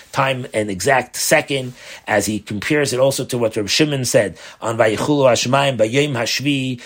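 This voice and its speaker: A male rabbi teaches a Torah lesson with earnest, probing questions. He drops Hebrew terms into his English as he works through a text. His voice sits at an ordinary middle pitch.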